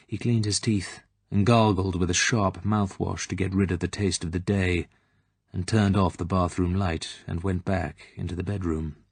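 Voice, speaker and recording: A man reading a novel aloud in measured scripted narration. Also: sits low, steady tone, vocal fry, slightly rough, no echo. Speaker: audiobook narrator.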